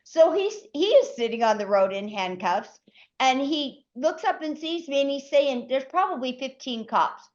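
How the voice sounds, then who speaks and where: Lively high-voiced woman telling a story. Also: normal speed. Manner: lively, animated storyteller acting out quotes. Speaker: co-host. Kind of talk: casual podcast storytelling. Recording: dull lo-fi podcast audio.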